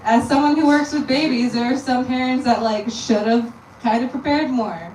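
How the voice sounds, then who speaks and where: A young woman from Texas doing a stand-up comedy set in a deadpan, self-deprecating way. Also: high voice, moderate pace, a little hiss or hum. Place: comedy venue with audience. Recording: roomy live sound from a distant mic.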